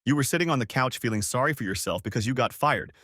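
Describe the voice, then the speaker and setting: A man's voice: mid-range voice, lively intonation, fast talker, pushed and bright, dry recording, studio quality. A man doing a defensive, exasperated young wife. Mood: angry. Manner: exasperated, snapping back.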